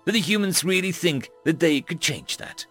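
A man narrating a first-person science-fiction story with dramatic, expressive delivery. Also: fairly high pitch, normal speed, faint music behind.

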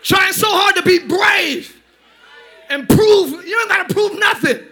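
A man preaching a lively sermon as pastor, often shouting and joking with the congregation. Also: very high-pitched, measured pace, a faint crowd. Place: church sanctuary.

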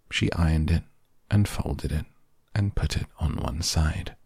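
A man narrating a children's storybook in a slow, gentle reading. His voice is very deep, gravelly and husky, and it sits dry and close to the mic. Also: dry recording.

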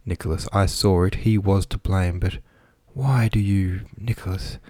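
A man voicing a gentle, grieving young countess in an audiobook, speaking softly and pleadingly. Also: deep voice, steady tone, unhurried, no room sound, clean studio sound. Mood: tearful pleading.

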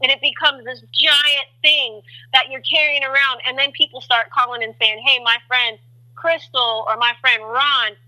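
A woman guest on a faith talk show, telling testimony as an animated storyteller who acts out voices with big jumps in pitch. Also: moderate pace, rough recording.

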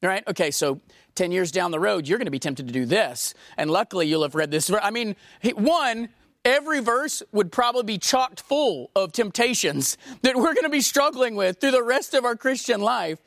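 A woman preaching a sermon, emphatic and swinging from raised to hushed, asking the congregation questions. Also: medium pitch, lively intonation, moderate pace, dry recording, clean studio sound.

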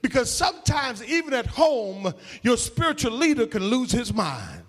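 A man's voice: extremely high pitch, very animated, moderate pace, a bit bright. A man preaching a sermon in an emphatic, call-and-response way, with folksy slang.

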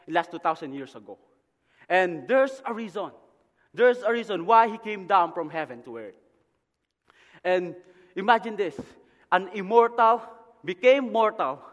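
Missionary preacher with a fairly high voice in a reverberant hall. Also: male voice. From Philippines. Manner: punctuates phrases with "Amen?"; drops to a quiet murmur in prayer. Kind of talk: sermon.

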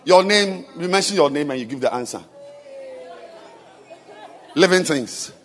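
A man preaching a sermon to a congregation, firing rhetorical questions at them, quizzing them and breaking into shouts and sing-song emphasis. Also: on the high side, expressive, measured pace, some chatter behind. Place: church with congregation.

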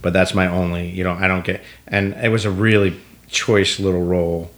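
Middle-aged man with a low voice, animated storyteller who acts out quoted dialogue. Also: normal speed. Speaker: guest actor. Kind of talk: casual storytelling.

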